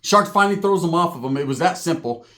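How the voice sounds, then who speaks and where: A man from Northern California telling a crude story in a profane, animated way, tagging lines with "right?". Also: a little high, fast talker, a little hiss or hum.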